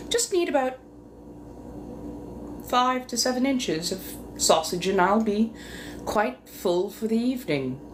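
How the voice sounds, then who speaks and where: A woman with a mid-range voice and moderate pace chats casually on a live stream from home. Her manner with viewers is teasing and flirty, heavy on innuendo and muttered asides, and steady room noise can be heard behind her.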